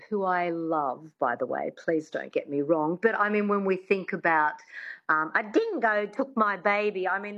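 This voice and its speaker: A woman's voice: lowish voice, fairly bright tone, muffled recording. A woman working as a coach, chatting in an interview with lots of "I mean" restarts. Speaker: accent coach. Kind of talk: casual interview chat.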